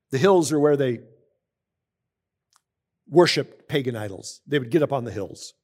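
This male pastor's voice is fairly high with a darkish tone. Delivering sermon teaching, he alternates reading scripture aloud with conversational explanation, frequently asking the congregation questions.

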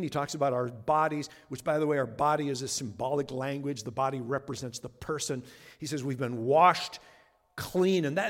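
Guy pastor preaching, kinda high voice, earnest and chatty, big echoey church hall. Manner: earnest, conversational, speeds up and slows for emphasis. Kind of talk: sermon. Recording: long reverb of a large hall.

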